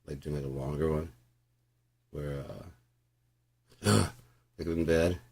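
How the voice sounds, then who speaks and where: A man rambles through a loose, profanity-laced monologue. His voice sits very low, gravelly and husky, with frequent laughs. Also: steady tone, takes it slowly, a little mellow. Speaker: vlogger.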